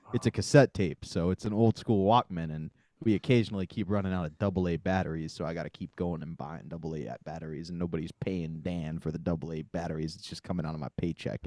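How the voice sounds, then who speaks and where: A man hosting a comedy podcast who riffs through long, deadpan bits. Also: deep voice, dry recording. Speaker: podcast host.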